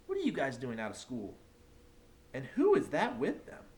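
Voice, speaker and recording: A man voicing a sweet, gentle woman schoolteacher in a high, bright voice. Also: wildly swooping pitch, normal speed. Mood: surprised, cheerful.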